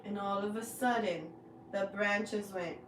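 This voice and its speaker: A woman hosting a spiritual tarot reading, speaking slowly and with open emotion. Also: medium pitch, fairly even intonation, echoey room, recorded from a distance, background noise. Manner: slow, heartfelt and emotional, with drawn-out words. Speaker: spiritual reader, channel host. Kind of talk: tarot energy reading, personal sharing.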